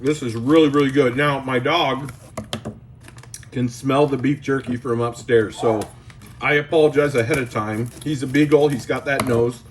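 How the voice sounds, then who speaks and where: A man's voice: mid-range voice, fairly even intonation, normal speed, a little hiss or hum. A man hosting his card collecting channel, chatting enthusiastically as he tastes and reviews jerky at home. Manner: enthusiastic, chatty, exclaiming while eating. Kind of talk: casual product review.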